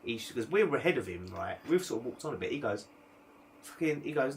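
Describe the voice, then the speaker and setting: A man's voice: brisk, a little hiss or hum. A man, a podcast co-host telling a story in casual chat and acting out other people's lines. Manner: animated storyteller, mimics others in high voice.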